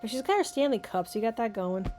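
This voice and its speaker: A woman's voice: on the high side, animated, fast, dark tone, slight background noise. A woman hosting a podcast, chatting casually and wryly while reacting to clips. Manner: chatty, wry, addresses listener as honey. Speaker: podcast host.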